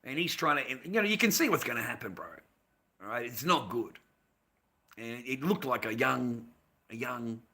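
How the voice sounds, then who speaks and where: An Australian man livestreaming, greeting chat and ranting in a rambling, heavily profane way, swinging between low mutters and loud outbursts. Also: normal speed, vocal fry. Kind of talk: casual ranting monologue.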